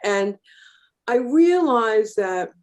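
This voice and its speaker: A woman's voice: on the high side, lively intonation, extremely slow, darkish tone. A middle-aged woman, a healing practitioner and life coach, reflecting in a casual podcast conversation.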